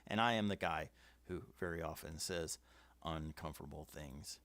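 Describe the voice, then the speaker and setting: A man hosts a casual livestream from a webcam setup, sharing firm opinions and reading viewer comments aloud. He has a bass voice, slightly bright, at a moderate pace, and the recording is dry.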